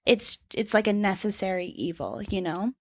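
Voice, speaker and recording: A woman's voice: medium pitch, animated, moderate pace, dry recording. A woman co-hosts a casual podcast chat in a dry, close-sounding recording. She talks freely with playful asides and frequent laughter. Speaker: podcast co-host.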